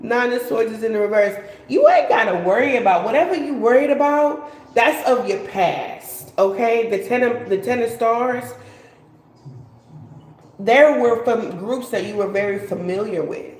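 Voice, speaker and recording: A woman's voice: fairly high pitch, expressive, unhurried, reverberant, poor audio. A woman giving a casual live tarot reading, chatty and slangy, laughing and swearing as she talks. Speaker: tarot reader.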